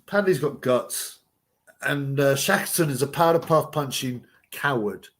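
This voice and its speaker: A man's voice: medium pitch, unhurried. A man hosting a casual live watch-along, commenting and reading chat in a rambling, crude way. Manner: crude, rambling, chuckling at his own jokes. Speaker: livestream host.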